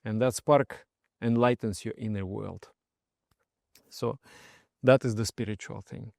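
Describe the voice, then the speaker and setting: Soft-spoken male meditation teacher, dry sound. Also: lowish voice, fairly even intonation, unhurried, gravelly, dry recording. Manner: soft-spoken, often trails off quietly, laughs while telling stories. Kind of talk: personal story and spiritual advice.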